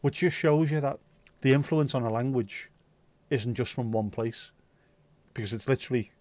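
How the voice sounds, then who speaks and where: Speaking at normal speed in a mid-range, darkish voice, a man hosts a casual livestream. He chats loosely and rambles with plenty of swearing as he goes through viewer comments, and there is no echo.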